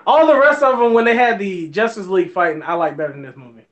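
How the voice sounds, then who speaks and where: A man with a high voice trading opinions in a casual review chat. He gets excited and trips over his words, repeating himself as he goes. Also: quick pace, highs cut off. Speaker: co-host reviewing a film.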